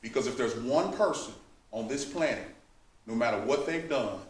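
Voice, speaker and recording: A man's voice: mid-range voice, normal speed. A man preaching a sermon, who builds to emphatic outbursts and addresses the listeners as saints. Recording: echoey room, mic at a distance.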